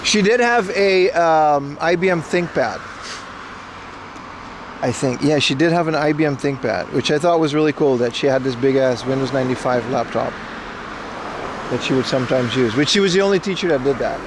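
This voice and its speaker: Background noise surrounds a Caribbean IRL livestreamer in his thirties as he strolls through the streets, talking to viewers at a moderate pace in a fairly high voice. He chats, rambles and jokes with chat, captured on a camera rig he holds while walking.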